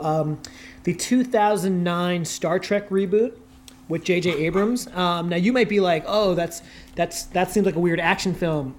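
A man guest on a podcast, talking in a casual, animated way, full of quick asides and "like" fillers. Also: high-pitched, a little hiss or hum. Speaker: guest, culture writer.

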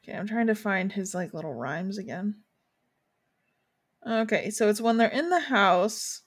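A woman's voice: medium pitch, expressive, unhurried, breathy edge. Blunt, wry young woman podcaster. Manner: blunt, wry, reads passages aloud. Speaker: podcast host. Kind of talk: casual book podcast chat.

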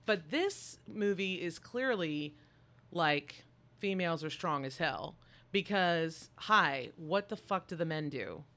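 A woman in casual chat about a film, animated and playful and swearing freely. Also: on the low side, slow. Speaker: podcast co-host.

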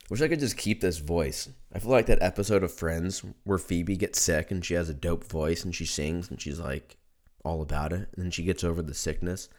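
A hoarse man with a very low voice rants loosely as a podcast host, swearing freely and cracking himself up. His delivery is offhand and conversational, one riff rolling into the next. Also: normal speed, darkish tone. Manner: profane, joking, riffs with laughter. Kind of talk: casual podcast rant.

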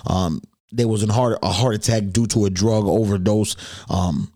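A man's voice: lowish voice, moderate pace, mellow, no echo, studio quality. Slangy man hosting a casual podcast. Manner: loose, slangy, addresses listeners directly. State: slightly losing his voice. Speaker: podcast host. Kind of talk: casual solo podcast talk.

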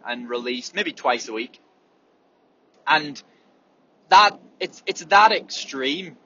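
A man's voice: mid-range voice, sharp tone, lo-fi sound, a little hiss or hum. A man, a runner talking candidly and swearing freely in a casual monologue, acting out breathing sounds as he explains.

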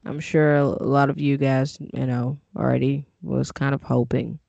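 A man co-hosting a casual podcast, talking in an animated way and joking about his own slips. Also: mid-range voice, normal speed, vocal fry, no room sound, lo-fi sound. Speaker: co-host.

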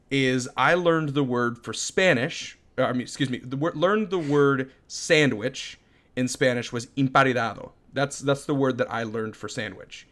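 A man co-hosting a podcast, telling stories in an animated, casual chat and laughing often. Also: medium pitch. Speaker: podcast co-host.

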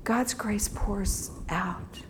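A woman's voice: mid-range voice, extremely slow, noisy background. A woman giving a sermon, telling a personal story in an earnest, reflective way. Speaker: teacher giving a devotional talk.

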